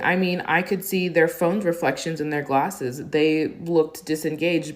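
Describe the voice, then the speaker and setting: A woman with a deep voice tells a workplace story straight to camera. Her delivery is measured and dry, keeping things matter-of-fact even when irritated. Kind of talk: storytime vlog.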